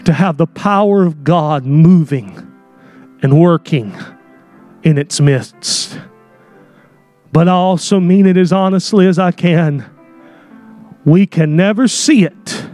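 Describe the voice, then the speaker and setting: A man preaching a sermon in a church, speaking in an emphatic, impassioned way that swells into shouts, with direct, folksy wording. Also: high voice, dry recording. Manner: folksy, direct, with casual slang. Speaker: pastor. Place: church sanctuary.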